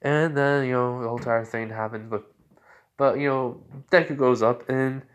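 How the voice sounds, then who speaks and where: A man's voice: mid-range voice, steady tone, moderate pace. A man casually retelling a fan story, rambling with lots of fillers and restarts.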